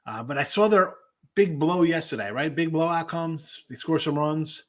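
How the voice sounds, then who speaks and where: Speaking at a normal speed, the host of a sports betting livestream chats loosely with viewers, reading their comments and jumping from topic to topic. His voice is a little high and fairly bright.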